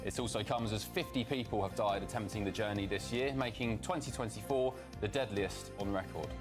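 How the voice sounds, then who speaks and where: A man presenting the news, relaxed and jokey between stories. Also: on the low side, fairly quick, music in the background. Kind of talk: news reading and studio banter.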